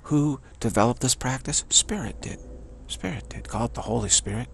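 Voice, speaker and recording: A man giving a spiritual teaching monologue in a halting, searching way, restarting often, his voice fading toward a whisper. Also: medium pitch, animated, gravelly, slight background noise.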